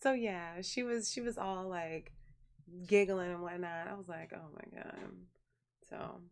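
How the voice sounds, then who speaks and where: A young adult woman chatting casually on a live stream, telling a family story in an animated way and thanking viewers by name. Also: lowish voice, a little slow. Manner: chatty, animated storyteller who reads viewer messages aloud.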